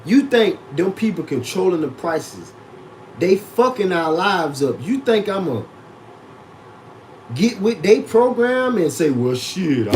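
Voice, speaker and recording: Profane, animated male streamer ranting. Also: high voice, takes it slowly, slight background noise, rough recording. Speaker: streamer reacting to clips. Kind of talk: livestream reaction commentary.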